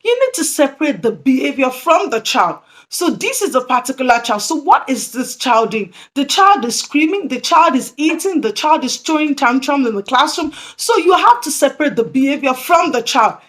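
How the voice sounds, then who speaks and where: A woman's voice: high-pitched, sing-song, normal speed, fairly bright tone. A woman presenting tips to early childhood educators, earnest and repeating her key points. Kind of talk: instructional talk to camera.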